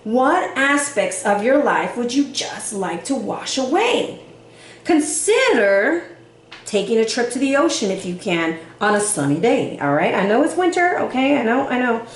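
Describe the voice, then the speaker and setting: A woman giving a casual tarot reading, animated and sassy, with casual swearing. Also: fairly high pitch, normal speed, few pauses, roomy sound, slight background noise. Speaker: tarot reader.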